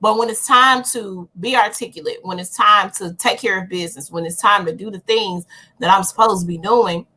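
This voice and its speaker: Bright, upbeat Memphis woman. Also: medium pitch, moderate pace. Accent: Southern US, Memphis. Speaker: podcast co-host. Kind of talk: casual chat.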